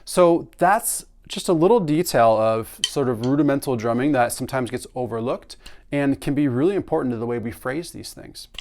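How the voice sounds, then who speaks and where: A man teaching snare drum phrasing in a relaxed, conversational way, singing drum patterns aloud as he explains. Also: medium pitch, moderate pace. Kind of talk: casual instructional explanation.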